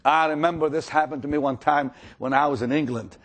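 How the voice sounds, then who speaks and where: Man, preacher, sermon, emotional, dramatic swings from loud to hushed, stammering repeats, slightly high voice. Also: fairly even intonation, fairly quick. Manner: stammering repetitions when stirred; acts out quoted voices.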